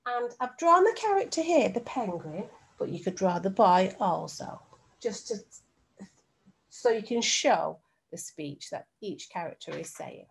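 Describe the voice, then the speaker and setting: A woman teacher records a lesson at home for young children. She speaks slowly and deliberately, breaking words into syllables, at a middle pitch. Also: big pitch swings. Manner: slow, clear, sounding out words for young children. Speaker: primary school teacher.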